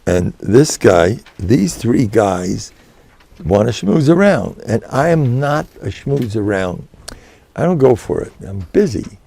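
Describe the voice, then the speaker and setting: Older man, rabbi-lecturer; dark, gravelly voice; animated anecdotal delivery. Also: mid-range voice, slow pace. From United States. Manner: chatty, animated, peppered with Yiddish and Hebrew words. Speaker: rabbi giving a class.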